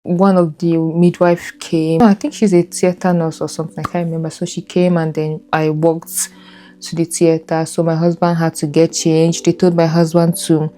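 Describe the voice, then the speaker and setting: A woman's voice: low voice, level tone, normal speed, mellow, faint music behind. A woman telling her own birth story in candid, earnest storytelling, repeating herself as she recalls it.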